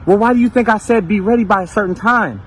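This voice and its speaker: A man's voice: sits high, fast talker, a crowd in the background. A man in a filmed clip, sarcastically scolding and teasing his partner. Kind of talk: filmed real-life argument clip.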